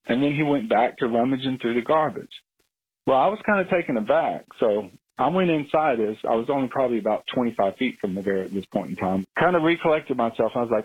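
A man from Florida tells a lively anecdote over a call-in line. His voice is husky and dry, and the narrow phone sound thins it out. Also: on the high side, normal speed, dry recording. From Florida, USA. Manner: animated storyteller, loud when acting out yelling. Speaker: caller. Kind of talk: telling a story on a call-in line.

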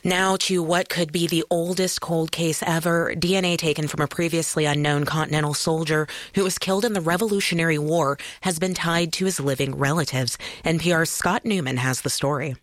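A news anchor introducing stories in a crisp, composed way. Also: mid-range voice, fairly even intonation, a little fast, few pauses, a bit bright, dry recording. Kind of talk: scripted news presenting.

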